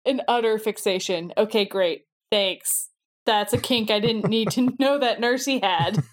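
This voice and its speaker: An enthusiastic woman co-hosting a podcast, chatting loosely and breaking into giggles easily. Her voice sits at an ordinary middle pitch for a woman, relaxed and conversational. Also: unhurried. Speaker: podcast co-host. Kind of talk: casual chat.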